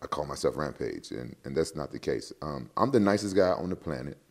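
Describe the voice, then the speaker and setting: Man, deep, gravelly, middle-aged, joking, animated stories. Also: fairly quick. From Memphis, USA. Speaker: guest, fighter. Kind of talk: casual chat.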